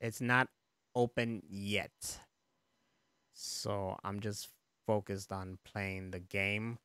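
A man's voice: fairly low pitch, very slow, smooth, no echo. Laid-back man in casual gaming chat. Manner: relaxed, rambling, laughs often, swears casually. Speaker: podcast co-host.

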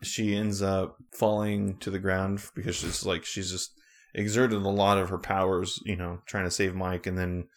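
A man's voice: deep voice, normal speed. A man co-hosting a podcast, recapping a show in casual chat with a rambling, filler-heavy manner. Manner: relaxed, rambling with many fillers. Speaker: podcast co-host.

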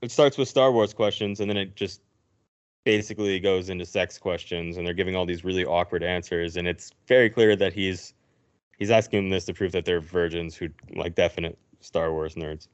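A man's voice: sits low, fairly even intonation, normal speed, smooth. A man hosting a podcast, retelling a film's plot in casual chat and acting out the characters' lines. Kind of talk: casual movie recap. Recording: dull lo-fi recording.

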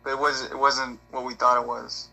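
A man's voice: mid-range voice, level tone, normal speed, vocal fry, pushed and bright, soft background music, low-quality recording. A man in casual chat, cutting in to correct a friend's story.

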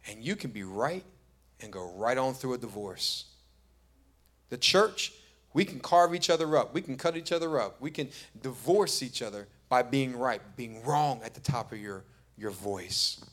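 A man's voice: mid-range voice, lively intonation, moderate pace, a bit bright. A middle-aged man preaching a sermon as pastor, telling stories conversationally and building to emphatic repeated points. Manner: conversational storytelling, rising to emphatic repetition.

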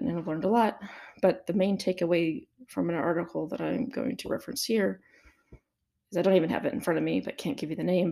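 A woman's voice: fairly low pitch, vocal fry, mellow. A woman giving a casual solo commentary, thinking aloud with fillers and restarts and asking herself rhetorical questions. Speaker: crypto commentator.

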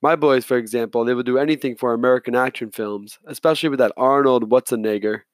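A man's voice: medium pitch, fairly even intonation, quick pace, no room sound, lightly acted. A man voicing a middle-aged male hotel manager who rambles and turns curt when crossed, in a storybook reading. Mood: talkative.

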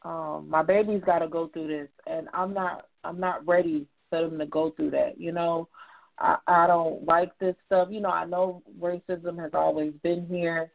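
A woman's voice: on the low side, flat delivery, normal speed, creaky. A woman, a mother and guest on a casual podcast, speaking earnestly and heartfelt in short repeated phrases. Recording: tinny phone-line sound.

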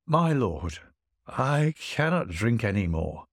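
A polite, quick-witted poor guest, voiced by a man who answers with humble courtesy. The delivery is lively and the sound dry and close. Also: mid-range voice, no room sound, full character voice. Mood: courteous. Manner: deferential, courteous replies. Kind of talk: storytelling voice acting.

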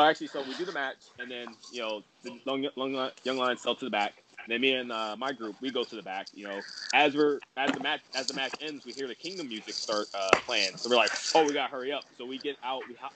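With a noisy background behind him, the medium-pitched man tells his podcast story as a wrestler guest. It's fast, casual and rambling, heavy on "like" fillers.

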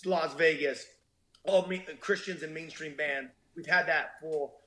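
An animated man telling stories as a podcast guest, acting out the voices of people he quotes. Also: a little high, a little slow, a little hiss or hum. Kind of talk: casual conversation.

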